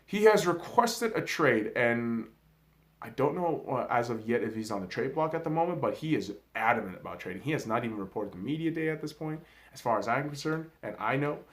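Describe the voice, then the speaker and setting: A young man hosting a podcast, talking sports in a casual, profane, excitable monologue with big swings in volume. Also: medium pitch, a little fast. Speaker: podcast host.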